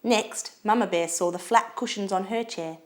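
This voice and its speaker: A woman reading a children's storybook aloud in an expressive, lilting way. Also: medium pitch, normal speed.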